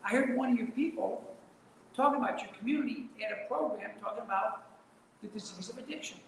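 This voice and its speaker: A mayor giving a folksy, emphatic speech at a community event. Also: male voice, very high voice, fairly quick. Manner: folksy, emphatic, repetitive rallying. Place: large indoor event hall. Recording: very echoey hall, some noise.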